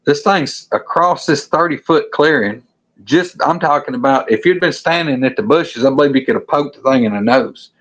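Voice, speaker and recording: A man's voice: on the high side, moderate pace, muffled recording. A man from the South with a Southern US accent, a show guest recounting an encounter in a folksy, blunt and profane storytelling manner. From Alabama.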